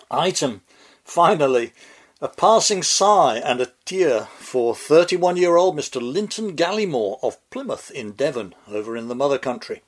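A man delivering scripted satirical commentary in a dry, deliberate, sardonic manner. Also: on the high side, animated. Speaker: commentary host.

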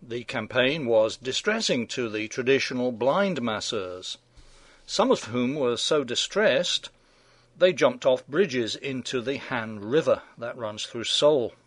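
A man's voice: mid-range voice, expressive, slow, no room sound. A middle-aged man hosting a scripted radio news commentary, delivering it with dry, sardonic irony.

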